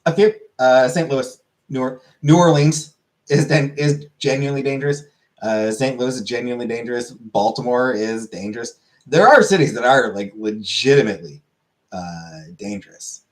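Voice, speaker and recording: A man of ordinary pitch talks loosely with his stream chat. He restarts sentences, drifts into mumbled asides, and keeps an easygoing, unpolished flow. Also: moderate pace. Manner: rambling, self-correcting, trailing off. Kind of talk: casual chat.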